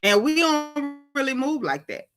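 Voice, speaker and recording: A woman with an African American English accent hosting a gossip commentary stream, talking in a sassy, indignant, animated way. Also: high voice, unhurried, over music. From United States. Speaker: gossip show host. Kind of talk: casual commentary livestream.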